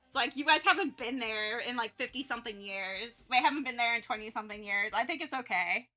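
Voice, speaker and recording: Bright young woman rambling on stream. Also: fairly high pitch, a little fast, faint music behind. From North Carolina, US. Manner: rambling, many restarts and fillers. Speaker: art streamer. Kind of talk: casual livestream chat.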